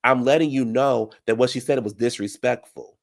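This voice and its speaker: At a moderate pace, a man with a medium-pitched, creaky voice hosts a casual live recap of a reality show. His tone is heated and ranting as he takes viewer comments and talks right at the show's participants.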